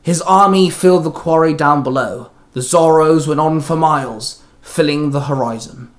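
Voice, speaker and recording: Male host-reader, casual and chatty, fairly high pitch. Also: normal speed. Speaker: storyteller and host. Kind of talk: reading fan fiction aloud.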